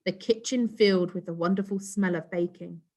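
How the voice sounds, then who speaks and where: A woman reads a children's storybook aloud in an expressive voice. She stops now and then to ask her young listeners questions. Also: lowish voice, moderate pace.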